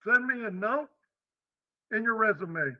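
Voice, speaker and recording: A man voicing a gruff, blunt middle-aged male office worker with a New York accent. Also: sits high, animated, measured pace, no echo, dull audio, voice pushed up.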